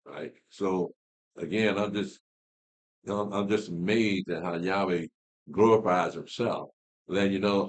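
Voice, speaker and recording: A man's voice: deep voice, unhurried. A man leading a Bible class, talking casually, asking rhetorical questions and repeating words as he explains. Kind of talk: casual teaching talk.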